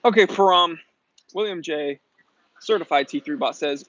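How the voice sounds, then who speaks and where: A man's voice: on the high side, a bit bright. A man hosting a casual live-stream Q&A, reading chat comments and answering in a chatty, emphatic way. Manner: chatty, emphatic, quick to clarify himself. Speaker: watch channel host reading live chat. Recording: dull lo-fi sound.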